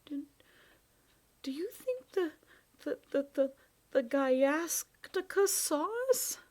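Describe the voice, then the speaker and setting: A woman's voice: high-pitched, expressive, slow pace, a little mellow, pitched above the performer's own voice. A woman voicing a frightened young boy who stammers in panic in a storybook reading. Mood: panicked.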